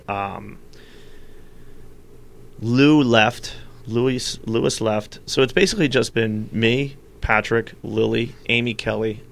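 A man chatting as an interview guest, a loud, animated storyteller. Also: lowish voice, vocal fry. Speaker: guest, comedian and actor. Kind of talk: casual chat.

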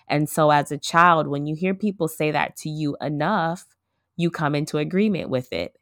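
Woman, 30s, solo podcast host; low register, dry close recording, earnest and reflective, chatty with her listeners. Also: moderate pace, no echo. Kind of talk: casual solo podcast talk.

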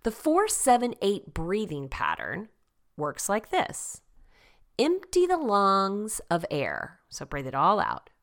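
Animated chatty woman host. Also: mid-range voice, slow pace. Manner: chatty, animated, laughs easily. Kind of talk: upbeat lifestyle segment.

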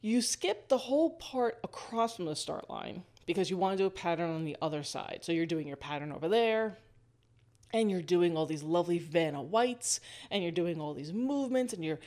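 A woman hosting a casual storytelling monologue, lively, laughing often and walking the listener through a scene. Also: fairly low pitch, moderate pace.

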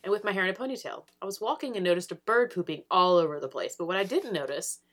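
A woman with a bright, crisp voice reads listener stories on a casual chat show. She tells them with giggly, animated energy. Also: fairly low pitch, quick pace. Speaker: podcast co-host.

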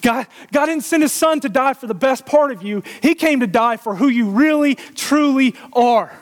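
A man's voice: extremely high pitch, moderate pace, in a large hall. A man preaching a sermon, asking the congregation questions and often laughing. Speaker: pastor.

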